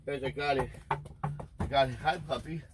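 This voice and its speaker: A young man streams from a camper van, rambling through crude jokes at a mid-range pitch. He talks casually and loosely, and he baby-talks to his dog. A faint noise hums behind him. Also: moderate pace, recorded from a distance. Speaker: livestream host. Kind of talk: crude casual livestream chat.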